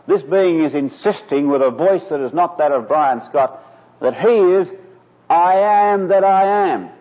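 A man's voice: medium pitch, husky. A man preaching a sermon in an earnest way, rising to emphatic peaks. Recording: lo-fi recording in a reverberant hall.

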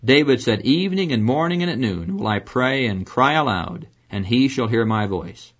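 A man's voice: medium pitch, expressive, moderate pace. A man delivering a scripted radio devotional as a Bible teacher, earnest and preacherly, asking rhetorical questions. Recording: dull lo-fi radio broadcast.

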